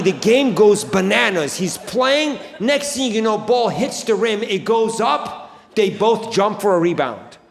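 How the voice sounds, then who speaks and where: A man from Iran performing a stand-up comedy routine with loud, animated storytelling on stage before a live audience. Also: high-pitched, creaky. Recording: reverberant live venue with crowd noise.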